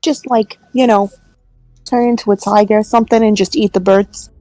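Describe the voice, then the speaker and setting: A woman's voice: mid-range voice, fairly even intonation, normal speed, mellow, dry recording, soft background music. Teasing, rambling woman, dry sound. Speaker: tabletop game player. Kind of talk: casual game table chat.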